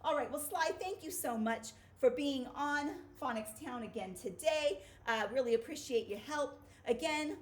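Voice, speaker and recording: A woman teacher giving a children's phonics video lesson in an upbeat, playful way. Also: high voice.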